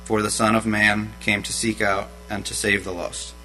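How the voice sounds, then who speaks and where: A man reading a Bible passage aloud in a steady, measured way to a church congregation. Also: on the low side, soft background music, rough recording. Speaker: scripture reader. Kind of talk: scripture reading. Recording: faint mains hum.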